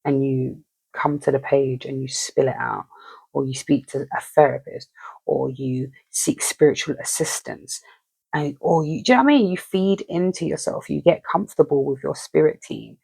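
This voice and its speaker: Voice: mid-range voice, moderate pace, gravelly, a little mellow, husky, no echo. A speaker giving a casual, rambling spiritual message, often checking in with the listener. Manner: rambling, chatty, keeps asking "you know what I mean". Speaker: spiritual reader.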